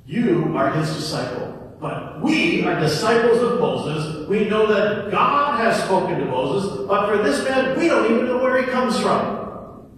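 A man's voice: high voice, very animated, a little slow, fairly bright tone, pitched above the performer's own voice, heavily acted. A man doing scornful, accusing religious elders. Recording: echoey hall from far off.

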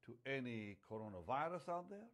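A man preaching a sermon, emphatic and repetitive, dropping to a hush and then rising loud on key phrases. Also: medium pitch, sing-song, fairly quick. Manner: emphatic, repeats phrases, swings from hushed to loud.

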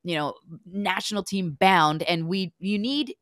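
A woman's voice: medium pitch, unhurried, no room sound, studio quality. A woman co-hosting a casual podcast, telling stories with energy and acting out the lines she quotes. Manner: animated storyteller who acts out quoted lines. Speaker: podcast co-host, former hockey player.

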